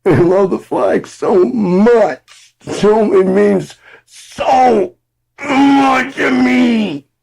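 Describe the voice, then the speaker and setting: A man putting on the voice of a gushing, simple-minded male fan who loves the flag, in a high mocking squeal. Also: very slow, creaky, a little mellow, breathy edge, full character voice.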